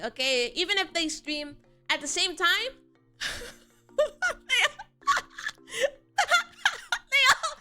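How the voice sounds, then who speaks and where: A woman's voice: very high-pitched, pushed and bright. A young woman VTuber chatting casually on stream, answering chat and laughing often.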